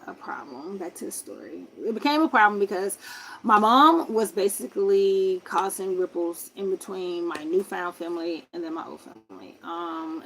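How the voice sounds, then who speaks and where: A young woman casually telling a personal story, acting out other people's voices with big jumps in pitch. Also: gravelly, a little hiss or hum. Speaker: vlogger telling a life story.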